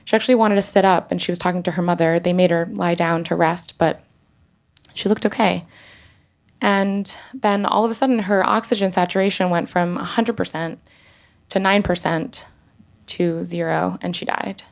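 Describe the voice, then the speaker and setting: A woman doctor telling a personal story in an earnest, halting way, with pauses and restarts. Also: on the low side, fairly even intonation, creaky.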